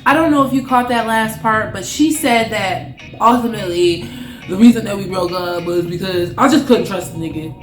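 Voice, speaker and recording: A woman hosts a reaction video and gives her views in a frank, lecturing tone. Her voice sits in a roomy, echoing space. Clear music plays underneath her talk. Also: mid-range voice, normal speed. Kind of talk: reaction commentary.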